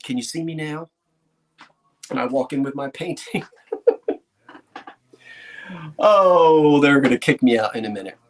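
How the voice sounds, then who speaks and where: Antiques dealer, male, excitable vlogger, chatty and prone to laughing. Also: mid-range voice, measured pace, long pauses. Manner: chatty, excitable, laughs often, talks to himself. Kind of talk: casual vlog talk to viewers.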